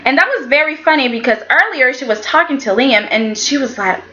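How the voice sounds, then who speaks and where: A woman's voice: on the high side, fairly quick, hardly any pauses, a bit bright, highs cut off. A woman casually reviewing a soap opera episode, chatty and opinionated, often acting out what the characters said. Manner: chatty and opinionated, acts out quotes in voices. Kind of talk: casual chat.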